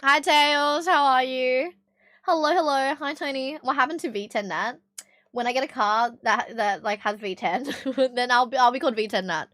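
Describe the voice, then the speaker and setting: A woman's voice: high voice, normal speed, a bit bright, no room sound, clean studio sound. An Australian woman streaming live, chatting casually with her chat, swearing freely and laughing often.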